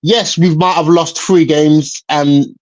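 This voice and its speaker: A man's voice: on the high side, fairly even intonation, slow pace, darkish tone, rough recording. A man, a guest in a football debate, hesitant and restarting his sentences.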